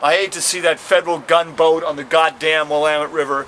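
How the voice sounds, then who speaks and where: Older man, street poet, outdoors by a train station, profane rambling rant, sharp bright voice, faint city noise. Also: on the high side, fairly even intonation. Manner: profane, rambling, impassioned ranting; slow, dramatic recitation of verse. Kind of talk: rambling street monologue and poem recitation.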